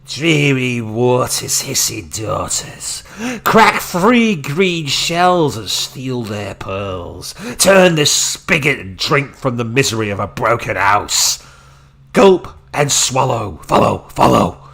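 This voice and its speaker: A man voicing a creepy, sly old crone from a video game, with slow, croaking, drawn-out delivery. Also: medium pitch, very animated, fairly bright tone, heavily acted. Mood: eerie.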